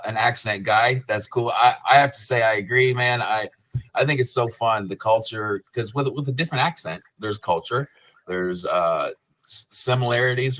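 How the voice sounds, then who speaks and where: A man's voice: on the low side, a bit bright. A man hosting a live stream interview, talking in an enthusiastic, friendly way. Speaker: host.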